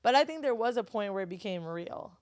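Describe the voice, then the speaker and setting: A woman talking in a casual podcast chat, candid and loose, swearing often and slipping into her relatives' voices. Her voice is mid-pitched and recorded close and dry, with no room sound. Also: lively intonation, fast talker, a little mellow, no room sound. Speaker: guest, studio owner and TV host.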